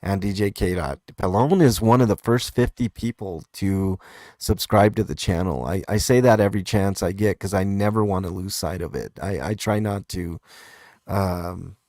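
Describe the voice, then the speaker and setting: Low-voiced laid-back man reading comments. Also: moderate pace, a little mellow, no room sound, studio quality. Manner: laid-back, hesitant, lots of fillers and chuckles. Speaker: host reading viewer comments. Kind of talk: casual live comment show chat.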